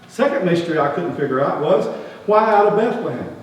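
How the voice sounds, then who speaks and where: A pastor playing a folksy skeptical shepherd. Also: male voice, on the high side, a little fast, natural voice. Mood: earnest. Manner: folksy, colloquial grammar, rising animated questioning. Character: skeptical rough-spoken male shepherd, outcast, earthy. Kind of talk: first-person dramatic sermon monologue. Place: church sanctuary. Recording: echoey hall, distant mic, faint hum.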